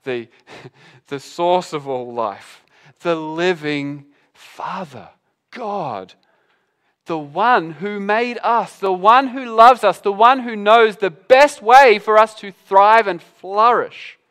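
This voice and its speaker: Guy preaching a sermon in a church hall, higher voice, animated, acts out the lines in quick little voices. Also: clean tone.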